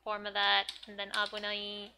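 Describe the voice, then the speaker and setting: A young woman teaching Japanese from a manga in a chatty, giggly way, full of "like", sometimes muttering softly as she looks up words. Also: medium pitch, monotone, normal speed, vocal fry, background noise. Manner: chatty, giggly, filler-heavy with frequent "like". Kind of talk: casual manga study lesson.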